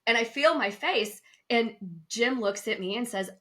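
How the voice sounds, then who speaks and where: Podcast co-host, woman in middle age, animated storyteller, crisp bright tone. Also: measured pace. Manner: lively storyteller, acts out quotes with big pitch jumps. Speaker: podcast co-host and travel advisor. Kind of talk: casual chat, telling a personal story.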